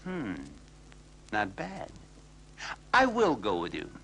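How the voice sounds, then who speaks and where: A panting, stammering old hound. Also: male voice, mid-range voice, wildly swooping pitch, takes it slowly, creaky, heavy background noise, heavily acted. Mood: grudging. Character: tired old male hound, breathless and gloomy.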